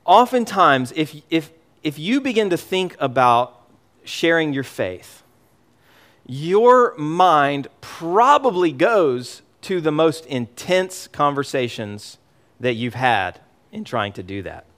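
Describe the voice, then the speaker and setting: Middle-aged male pastor, lively sermon delivery, fairly high voice, emphatic and repetitive. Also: takes it slowly. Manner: animated, emphatic preaching with frequent repetitions.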